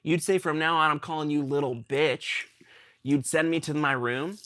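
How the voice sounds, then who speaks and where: Young guy podcaster, earnest, halting, talking it through w his dad. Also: fairly high pitch, a bit bright. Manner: earnest, confessional, halting with ums. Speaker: podcast host. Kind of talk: emotional conversation with his father.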